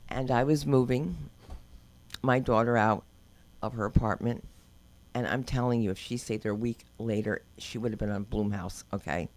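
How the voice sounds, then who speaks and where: A woman's voice: extremely low pitch, moderate pace, darkish tone. Brash older woman doing stand-up. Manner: brash, rambling anecdotes with acted-out quotes. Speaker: stand-up comedian. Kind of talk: open-mic stand-up storytelling. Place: comedy club stage.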